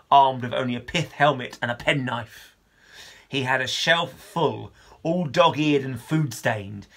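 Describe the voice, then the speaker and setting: A man, a teacher, reading a children's novel aloud with expressive storytelling. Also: mid-range voice.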